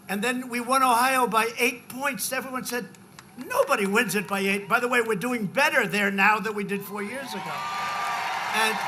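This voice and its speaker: A forceful, tense-toned man in his seventies speaks at a big political rally, his fairly high voice cutting through faint background noise. He rambles through repetitive asides to the crowd, then shouts out numbers for emphasis. The delivery is loose and off the cuff, like campaign talk at a podium microphone. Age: 70s.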